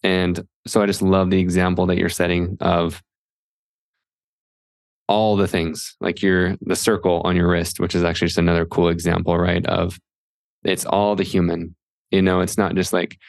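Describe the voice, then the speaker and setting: A man's voice: low-pitched, little pitch movement, moderate pace, gravelly, no echo, clean studio sound. A man hosting a podcast, chatting with enthusiasm and rambling with many fillers. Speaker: podcast host. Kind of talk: casual podcast interview.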